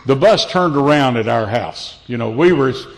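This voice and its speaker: An older man tells homespun stories from a church pulpit, in a folksy and self-deprecating way. His voice sits in a middle pitch, and he often restarts his sentences. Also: lively intonation, normal speed. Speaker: preacher. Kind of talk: storytelling sermon.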